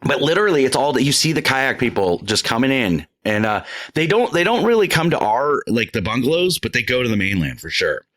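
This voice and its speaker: Animated man telling a story. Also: medium pitch. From United States. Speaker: podcast co-host. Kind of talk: casual storytelling chat.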